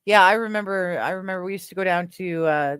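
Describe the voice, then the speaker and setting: A woman's voice: lowish voice, fast, fairly bright tone, smooth, no room sound, studio quality. A woman from Canada hosting a casual livestream chat, reading viewer comments aloud, laughing often and trailing off with fillers. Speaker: livestream host.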